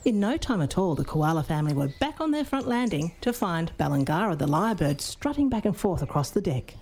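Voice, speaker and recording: A woman reading a children's animal story aloud in a gentle, expressive way. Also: fairly low pitch, fairly quick, slightly rough.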